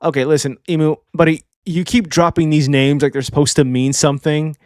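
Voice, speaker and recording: A young man hosting a casual manga review channel, animated and slangy, doing voices for characters. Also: on the high side, brisk, dry recording, studio quality. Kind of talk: casual video commentary.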